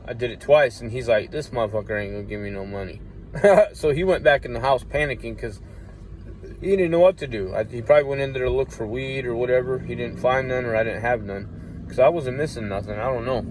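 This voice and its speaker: Speaking briskly in a mid-range voice, a man rambles through a lengthy personal tale, swearing frequently and starting over mid-thought. He loudly performs quoted voices, and there is a little hiss or hum in the audio.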